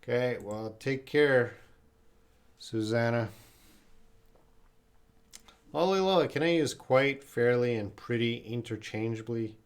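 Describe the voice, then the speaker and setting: A man's voice: medium pitch, steady tone, measured pace. A man teaching English on a casual livestream, reading viewer questions aloud and explaining them with example sentences. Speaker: English teacher answering live chat questions.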